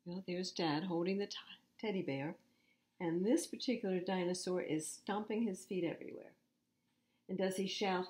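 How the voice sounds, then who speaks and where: A woman's voice: lowish voice, fairly even intonation, moderate pace, darkish tone. A woman reading picture books aloud to children at storytime, expressively and with asides to the listeners. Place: public library.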